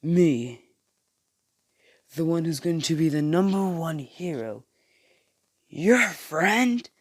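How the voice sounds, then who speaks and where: Guy putting on a shouty hothead bully kid, scornful, dry close sound. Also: a little high, lively intonation, slow, no room sound, voice pushed up. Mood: angry taunting. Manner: shouty and sneering. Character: hot-tempered boy bully, loud and scornful.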